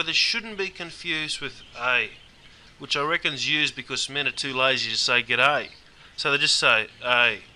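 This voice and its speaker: An Australian man narrates a scripted explainer with a wry, laconic delivery. His voice is very bright and sits a touch high, and faint outdoor ambience hums behind it. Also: a little hiss or hum. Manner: laconic, wry, keeps saying mate. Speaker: Aussie English presenter.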